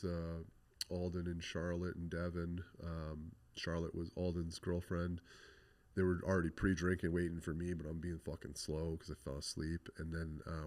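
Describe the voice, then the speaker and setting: A man's voice: low voice, darkish tone. A young adult man from Canada, a podcast guest telling a rambling story full of swearing and "like.". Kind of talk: casual storytelling interview.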